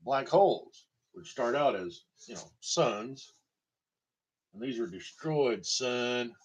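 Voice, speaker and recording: Speaking slowly and expressively with a breathy edge in a mid-range voice, a Tennessee storytelling vlogger meanders through comic anecdotes and chuckles at his own jokes. The recording is lo-fi and dull.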